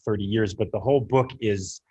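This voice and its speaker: A man who is a guest on a podcast, talking in a relaxed, teasing way. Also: fairly low pitch, brisk, husky. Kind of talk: casual podcast chat.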